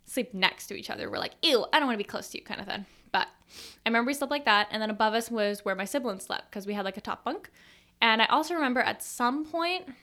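A woman's voice: fairly high pitch, sharp tone. A young woman hosting a podcast, telling childhood stories in a chatty, casual way with many "like" fillers. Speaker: podcast host. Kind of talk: casual personal storytelling.

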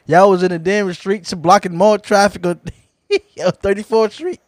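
A man's voice: high voice, fairly even intonation, unhurried, dry recording. A man co-hosting a casual sports podcast, teasing his partner with frequent laughs and stammered restarts. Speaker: podcast co-host.

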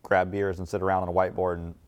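A man talking in a relaxed, explanatory way in a casual chat. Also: deep voice, very fast.

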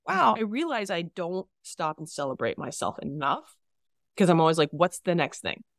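Woman, low voice, dry close sound, lively podcast guest who laughs a lot. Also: moderate pace, dry recording. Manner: animated, laughs often, acts out her own inner voice. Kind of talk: casual conversation.

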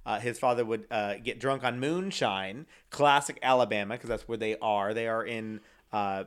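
A man's voice: lowish voice, moderate pace, fairly bright tone, clear, resonant tone. A young man telling a true-crime story in casual chat, rambling with many fillers and reading quotes aloud. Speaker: co-host.

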